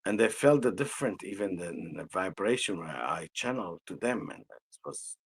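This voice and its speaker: A man with an Arabic accent, an energy healer telling a personal story in conversation, slow and halting with frequent restarts. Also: sits low, lively intonation, slightly rough, low-quality recording.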